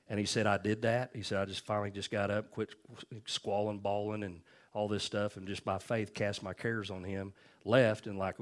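A male pastor preaching a sermon, telling stories in a folksy, animated way. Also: fairly low pitch, fairly quick.

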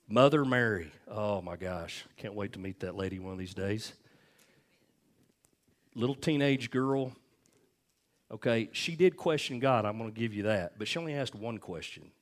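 A man's voice: mid-range voice, moderate pace. A man preaching a sermon, telling personal stories and asking the congregation "amen?" and "okay?" as he goes. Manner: conversational preaching, frequent "amen?" and "okay?" asides, storytelling. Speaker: pastor.

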